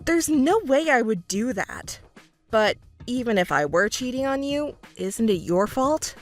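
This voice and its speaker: Woman putting on a smug young guy, lowish voice, condescending, faint music behind. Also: very animated, measured pace. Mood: scornful. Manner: condescending, scolding. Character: arrogant self-important young man, fiancé. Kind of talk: texting story voice acting.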